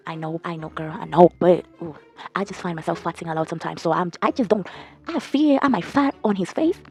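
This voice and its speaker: A young woman telling a storytime to her viewers in a blunt, profane, animated gossiping way. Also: on the low side. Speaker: storytime vlogger. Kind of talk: casual storytime chat.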